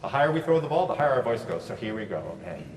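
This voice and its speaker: A man leading a choir through warm-up exercises, upbeat and encouraging, heard from a distance in a large echoey hall. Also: medium pitch, sing-song, noisy background. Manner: upbeat, encouraging, quick praise. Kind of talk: choral warm-up instruction. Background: choir singing along.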